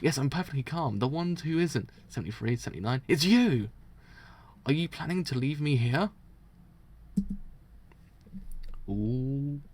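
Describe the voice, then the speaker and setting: A man voicing a cold, scheming male priest villain while reading a manga aloud, muttering and counting prime numbers to steady himself. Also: on the high side. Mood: frantic, indignant.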